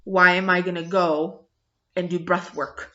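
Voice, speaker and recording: Woman vlogger, angry profane rant, bright edgy voice, muffled lo-fi audio. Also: lowish voice, flat delivery, measured pace. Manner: blunt, profane, emphatic. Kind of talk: angry review rant to camera. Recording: dull lo-fi sound.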